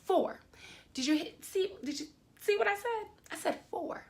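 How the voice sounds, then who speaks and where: A young woman talks straight to her followers in a loose storytime vlog. She rambles with plenty of "like" and "um", and her voice shoots up high when she gets indignant. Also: moderate pace. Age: young adult. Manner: animated, rising high when indignant, many "like" and "um" fillers. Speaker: vlogger.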